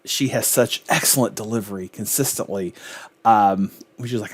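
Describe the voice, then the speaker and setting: A man's voice: lowish voice, fairly quick, breathy edge. A man hosting a reaction video, chatting casually and enthusiastically about a sitcom episode, with frequent ums and restarts.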